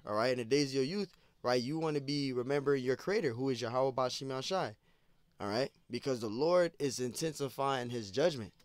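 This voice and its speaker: A man's voice: medium pitch, no room sound. Casual man preaching, dry close sound. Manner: casual, repetitive, peppered with "man" and "you know". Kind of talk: informal scripture teaching.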